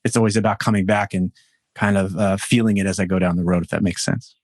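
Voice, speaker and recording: A man, a men's coach, speaking as a podcast guest in a reflective, storytelling way with halting restarts. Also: low voice, fairly even intonation, darkish tone, dry recording, clean studio sound. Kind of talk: podcast interview.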